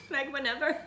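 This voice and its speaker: A woman's voice: high-pitched, background noise. A young woman from Tyrol, chatting casually with her stream viewers, laughing often and filling her talk with "like.". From South Tyrol. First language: German (South Tyrolean dialect). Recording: roomy echo.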